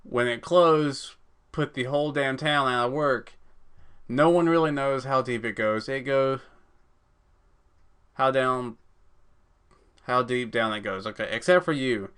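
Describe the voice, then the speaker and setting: Brief: man reading as a menacing armed criminal, bright and clear, blunt threats. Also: medium pitch, measured pace, long pauses, natural voice. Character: menacing adult male criminal with a revolver.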